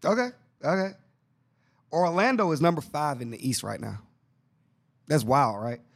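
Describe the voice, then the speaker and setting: Excitable man chatting casually about basketball. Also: a little high, moderate pace, creaky. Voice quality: excitable, slangy, repeats himself. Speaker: podcast host.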